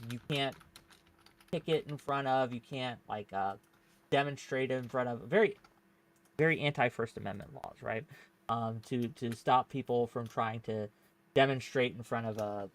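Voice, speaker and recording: A man's voice: medium pitch, a bit bright. A man hosting a debate panel, arguing his point at length with lots of fillers, restarts and rhetorical "right?" tags. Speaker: panelist and show host. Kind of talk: casual debate argument.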